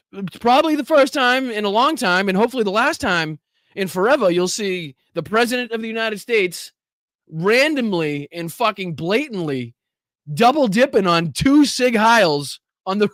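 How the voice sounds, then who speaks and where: A man's voice: high voice, sing-song, normal speed, fairly bright tone, dry recording, studio quality. A male political commentary host reacting to clips on a live stream, swearing and laughing often in disbelief. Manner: profane, incredulous, laughs often.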